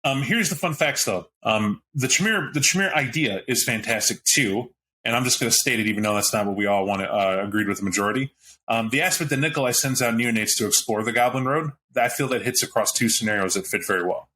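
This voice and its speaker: A man on a roundtable podcast talks animatedly about a tabletop game and keeps restarting his sentences as he goes. His voice is bright and forceful at a middle pitch, and there is a faint hiss in the background. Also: fast. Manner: animated, with frequent restarts and asides. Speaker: podcast panelist.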